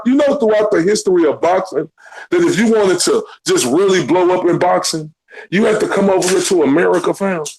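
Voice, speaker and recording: A man's voice: extremely high pitch, darkish tone, poor audio. A man arguing hard on a livestream panel, insistent and full of profanity. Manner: profane, insistent, talks over others. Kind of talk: heated debate on a livestream.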